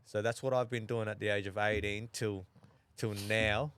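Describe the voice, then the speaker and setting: A young Australian man chatting casually as a podcast guest, halting and full of restarts. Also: on the low side, flat delivery, a bit bright, clear, resonant tone, no echo. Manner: halting, many restarts and fillers. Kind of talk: casual chat.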